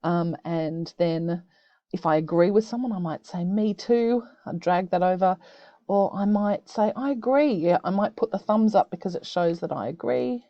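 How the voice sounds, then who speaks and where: Gentle woman teaching kids. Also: lowish voice, moderate pace, no echo, highs cut off. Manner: gentle, encouraging, explains step by step. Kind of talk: screen-recorded tutorial for children. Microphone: computer mic on a video call.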